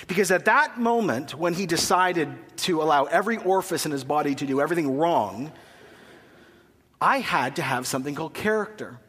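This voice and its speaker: A man's voice: on the high side, a bit bright, husky, big-room sound. A man in his thirties preaching a sermon in a church, telling a funny story with asides before turning to scripture. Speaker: pastor. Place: church sanctuary.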